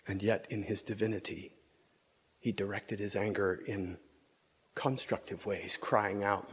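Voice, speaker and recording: A man preaching a meditative reflection at a vigil, speaking in a measured, contemplative way and sometimes dropping to a whisper. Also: lowish voice, in a large hall, slight background noise. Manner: measured, contemplative, drops to whispers for inner thoughts. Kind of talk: slow meditative sermon.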